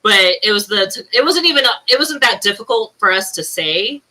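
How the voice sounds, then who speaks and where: A woman co-hosting a casual chat from her room at home over a video call, excitable and laughing often. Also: medium pitch, brisk, rough recording. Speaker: co-host.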